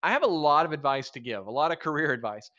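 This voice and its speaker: Bright-voiced wry man, lo-fi stream. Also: on the high side, fast talker. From Southern US. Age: 30s. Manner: wry, rambling, joking. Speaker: live stream co-host. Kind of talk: casual live stream chat.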